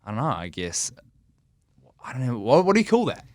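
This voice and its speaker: Animated New Zealand podcast host. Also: male voice, medium pitch, fairly quick, no echo. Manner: animated, laughs a lot. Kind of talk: casual chat. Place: podcast studio.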